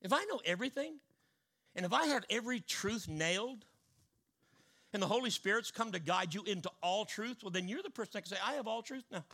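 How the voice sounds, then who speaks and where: A male preacher delivering a sermon in a high, bright voice. He tells stories in hushed asides, then rises into loud declarations. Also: expressive, fairly quick.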